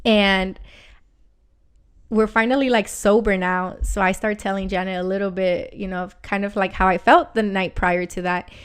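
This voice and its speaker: Woman, casual storytelling, smooth clear voice, animated, lots of swearing. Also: medium pitch, normal speed. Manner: animated, swearing, heavy use of "like". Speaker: podcast co-host.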